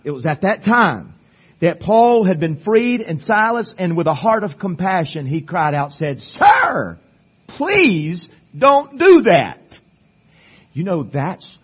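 A male pastor preaching a sermon at a church service, emphatic, swinging between loud declarations and hushed asides. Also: a little high, big pitch swings, moderate pace, slightly rough, dull audio.

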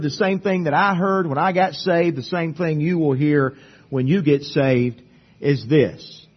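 A male pastor preaching a sermon at a church service, emphatic, swinging between loud declarations and hushed asides. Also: a little high, a little slow, husky, dull audio.

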